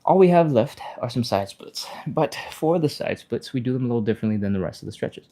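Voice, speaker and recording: A man hosting a live stretching class, explaining each step casually, answering chat and laughing often, sometimes yelping in a high panicky voice to act out fear. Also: animated, quick pace, mellow. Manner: acts out panicky inner voices in a high yelp. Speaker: stretching instructor, live stream host. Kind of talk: live-streamed workout instruction, reading chat.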